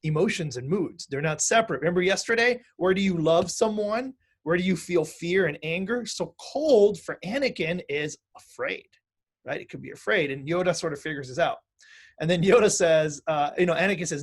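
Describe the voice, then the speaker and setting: A man's voice: high voice, animated, normal speed, slightly rough. A man teaching music and mindfulness in a conversational online class, often asking "right?" to check in with students.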